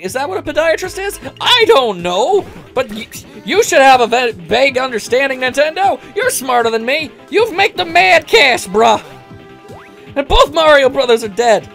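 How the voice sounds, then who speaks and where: A woman commentating over a game in a ranting, animated way, full of asides. Her voice is high and leaps all over the place, with soft music playing faintly beneath. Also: normal speed, gravelly. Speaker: let's play commentator. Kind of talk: gameplay commentary rant.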